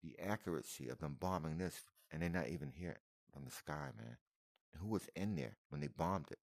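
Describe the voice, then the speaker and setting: A man's voice: extremely low pitch, moderate pace, creaky, no room sound, clean studio sound. A man giving casual, emotional reaction commentary on video footage, repeating himself and calling the listener "man" and "brother". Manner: emotional, repetitive, addresses viewer as man and brother.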